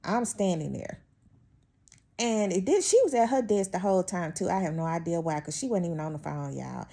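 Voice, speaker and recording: A woman's voice: fairly low pitch, brisk, gravelly, dark tone. A woman vlogger telling a workplace story in casual chat, chatty and exasperated, talking straight to her viewers. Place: at home.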